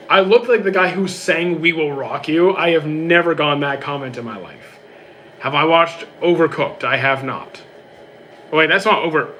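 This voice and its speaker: A young man hosts a live stream, reading viewers' questions aloud and answering each one fast and casually. His voice is bright and sits a little high for a man. A faint room hum runs under the recording. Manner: quick, reads questions aloud then answers briefly.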